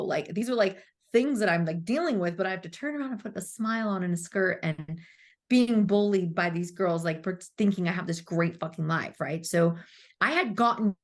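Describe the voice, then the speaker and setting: A woman in her thirties, a spiritual coach, telling her story as a podcast guest, candid and swearing freely, acting out her past self. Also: medium pitch. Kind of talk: emotional storytelling interview.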